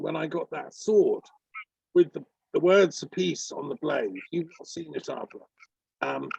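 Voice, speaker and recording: A man's voice: on the high side, gravelly, a little mellow, husky, no echo. A man talking in an earnest, rambling way, with many ums, in a casual discussion over a video call. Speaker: peace activist on a video call. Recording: dull lo-fi call audio.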